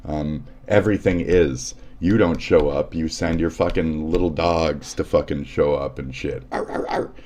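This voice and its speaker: A man's voice: a bass voice, a little slow, few pauses, darkish tone, a little hiss or hum. A man hosting a livestream, ranting in a sarcastic, profane and combative way as he comments on news clips. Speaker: livestream host.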